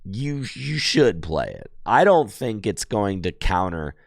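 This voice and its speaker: A man hoarse from losing his voice, chatting casually to his live-stream viewers as he plays a card game and thinks aloud. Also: fairly low pitch, big pitch swings, slow pace, no room sound, studio quality.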